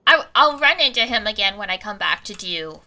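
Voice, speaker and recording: A woman's voice: mid-range voice, animated, fairly quick, sharp tone. A young adult woman streaming a game, chatting casually and rambling with lots of fillers and giggles. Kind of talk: casual gaming stream chat.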